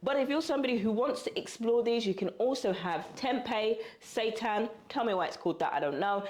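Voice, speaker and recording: A woman from the UK talking casually to camera in a cooking vlog, chatty and animated, calling viewers girl and baby. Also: a little high, fairly quick, hardly any pauses. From United Kingdom. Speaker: vlogger. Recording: roomy echo.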